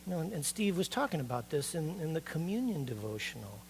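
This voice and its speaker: A middle-aged man preaching a sermon as a pastor, conversational and animated, asking the congregation rhetorical questions. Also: a little high, fast talker, gravelly, a little hiss or hum.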